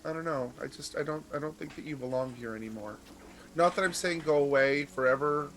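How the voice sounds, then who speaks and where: A man's voice: fairly high pitch, fairly quick, fairly bright tone, close to an everyday voice. A man playing an earnest sibling in a tabletop game, speaking plainly and pressing the point in his own voice. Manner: earnest, persistent, plain-spoken. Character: earnest, steady sibling sent by Mom. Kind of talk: live tabletop role-play.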